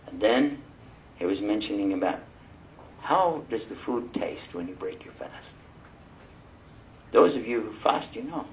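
A man preaching a sermon, telling personal stories in a lively way and laughing as he goes. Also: on the low side, unhurried, long pauses, a little hiss or hum, low-quality recording. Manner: animated, laughing storyteller. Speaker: Muslim preacher.

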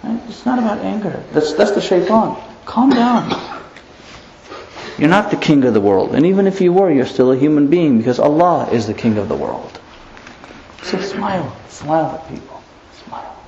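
A man preaching a religious lecture with lively rhetorical questions and frequent chuckles. He sounds like he is in a roomy space, the recording slightly muffled with a faint hiss underneath. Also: on the high side, moderate pace, creaky. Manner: animated, rhetorical, chuckles often. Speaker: Islamic preacher.

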